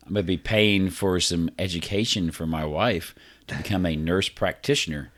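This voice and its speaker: A middle-aged man chatting casually on a podcast, blunt and jokey with easy swearing. His voice sits very low and deep. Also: normal speed, a bit bright. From Indiana. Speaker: podcast co-host. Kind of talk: casual chat.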